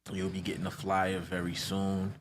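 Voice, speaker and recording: A man appearing as a guest rapper on a podcast, speaking quietly and low-key as he lists his thanks. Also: monotone, normal speed, a little hiss or hum. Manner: quiet, low-key, listing shout-outs. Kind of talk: casual interview chat.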